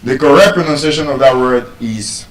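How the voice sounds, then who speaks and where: A man with a Nigerian accent giving a live talk on pronunciation to an audience, playful and teasing, repeating words slowly to drill them. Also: mid-range voice. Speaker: public speaker teaching pronunciation. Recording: echoey hall, voice from far off.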